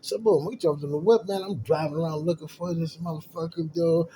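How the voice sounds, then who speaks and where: A man's voice: on the high side, fairly even intonation, brisk, mellow, slight background noise, low-quality recording. A middle-aged man telling a long personal story in casual, profane talk, laid-back and full of "you know what I mean.".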